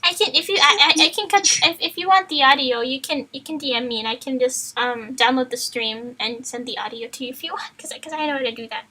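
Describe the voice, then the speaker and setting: A woman's voice: high-pitched, fast talker, hardly any pauses, sharp tone, low-quality recording. A woman streamer reading a book aloud to friends, playful and chatty, stumbling and going off on tangents. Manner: playful, chatty, loses her place in the text. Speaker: streamer, reader.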